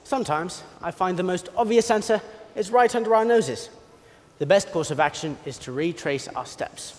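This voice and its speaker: A man playing a theatrical butler who narrates in a school stage play, telling the story with dramatic, animated energy. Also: high-pitched, moderate pace, lightly acted. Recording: long hall reverb with loud music.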